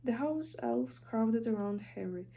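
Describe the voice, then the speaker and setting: A woman's voice: fairly high pitch, expressive, unhurried, dark tone, a little hiss or hum. Young Ukrainian-accented woman reading aloud. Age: young adult. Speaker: student reader. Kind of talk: audiobook reading.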